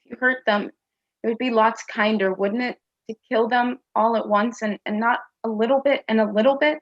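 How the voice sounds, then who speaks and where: A woman's voice: fairly high pitch, steady tone, normal speed, dull audio, natural voice. A woman playing a small, earnest young boy who asks plaintive, childlike questions in a stage play. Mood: troubled.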